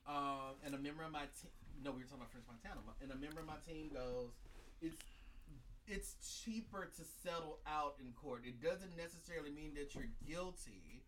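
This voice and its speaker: A man's voice: fairly high pitch, a little fast, a bit bright, recorded from a distance, a little hiss or hum, rough recording. A man in casual chat, curious and chatty, telling an anecdote and asking questions.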